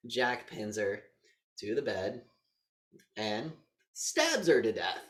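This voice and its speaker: A man co-hosting a casual movie review podcast, talking in an animated, profane way and acting out scenes in quick voices. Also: on the low side, reverberant. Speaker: podcast co-host.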